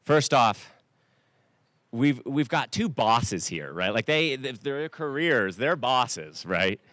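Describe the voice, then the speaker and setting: A man introducing the next wedding speaker, joking in an unhurried way. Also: mid-range voice, big pitch swings, a bit bright, no echo. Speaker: wedding emcee.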